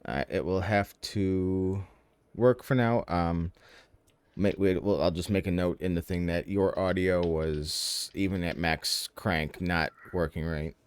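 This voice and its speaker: A man's voice: sits low, steady tone, takes it slowly, clean tone. A man acting as game master on a casual streamed tabletop session, chatty and rambling, teasing his players, speaking into a headset.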